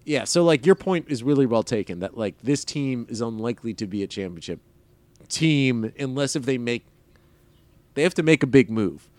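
A man co-hosting a sports podcast, chatting casually with plenty of fillers and a wry, rambling flow. His voice sits at an ordinary middle pitch, captured on a close mic with a dry sound and hardly any room echo. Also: lively intonation, normal speed, a little mellow. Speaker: podcast co-host.

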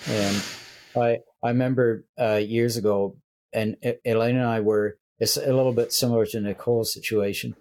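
An older man, reflecting on faith in a casual conversation as host, often pausing and restarting. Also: mid-range voice, fairly even intonation, darkish tone. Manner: reflective storyteller, hesitant with many restarts. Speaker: church leader and podcast host.

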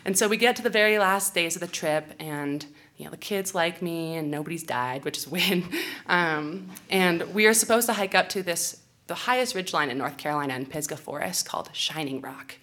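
On stage with a handheld or stage microphone, a young woman who works as an outdoor educator tells a funny, self-mocking story and laughs often. Her voice is fairly low, a bit bright, animated and fairly quick.

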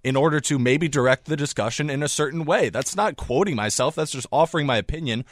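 A man's voice: on the high side, quick pace, no room sound, clean studio sound. A young man working as a radio show producer, defending himself in an exasperated way during on-air banter. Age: young adult.

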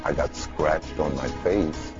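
A middle-aged man speaking slowly and deliberately in a TV interview clip. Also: extremely low pitch, fairly even intonation. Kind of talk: TV interview recounting events. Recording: dull TV clip with music underneath.

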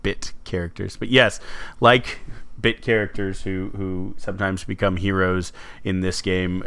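A man co-hosting a sports podcast, talking in a halting, jokey way with many fillers. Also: fairly low pitch, a bit bright. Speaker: podcast co-host. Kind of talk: casual sports podcast chat.

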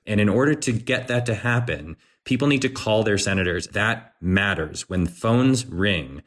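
A man speaking as a guest on a political podcast, animated, acting out quoted voices, with frequent restarts. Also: fairly low pitch, normal speed.

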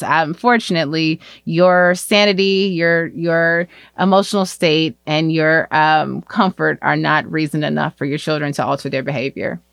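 A woman co-hosting a casual parenting podcast, talking with wry, deadpan humor. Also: low-pitched, creaky, dry recording, clean studio sound. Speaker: podcast co-host.

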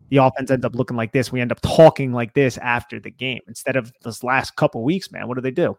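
A man's voice: medium pitch, quick pace, few pauses, dry recording. Chatty man, dry mic. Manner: animated, conversational, lots of fillers like man and like. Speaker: podcast co-host. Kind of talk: casual sports chat.

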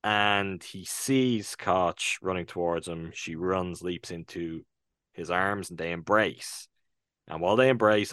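Give me an Irish man with a very low, deep voice, retelling a film on a casual podcast in an earnest, thoughtful way with small hesitations. The sound is close and dry, with no room around it. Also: fairly bright tone, no echo. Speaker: podcast co-host reviewing films. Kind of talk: casual conversational film review.

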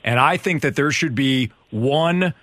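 A man co-hosting a radio show, needling the other host in quick back-and-forth banter. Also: medium pitch, a bit bright, dry recording. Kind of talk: on-air banter.

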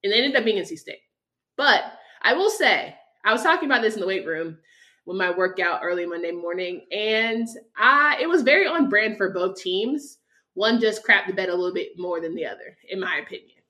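A woman's voice: mid-range voice, expressive, brisk, pushed and bright. A woman hosting a casual sports podcast, blunt and opinionated about the game. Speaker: podcast host.

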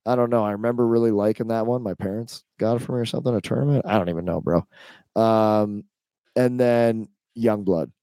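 A man's voice: fairly low pitch, fairly even intonation, a little fast, dark tone, dry recording. A man co-hosting a podcast, chatty, joking and opinionated in casual talk. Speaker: podcast co-host. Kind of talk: casual chat.

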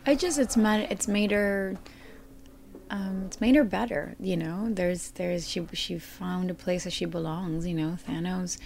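A woman chats slowly and unhurriedly in a casual on-set interview, often giggling and restarting her sentences. Faint background noise sits under her voice. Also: on the low side, vocal fry, darkish tone. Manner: giggly, hesitant with many restarts. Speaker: actress interviewed on a film set. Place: on a film set.

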